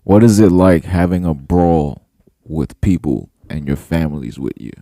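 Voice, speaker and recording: A man's voice: a bass voice, unhurried, mellow, dry recording. A man co-hosting a podcast, chiming in with short, casual, profane reactions. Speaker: podcast co-host. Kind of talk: casual chat.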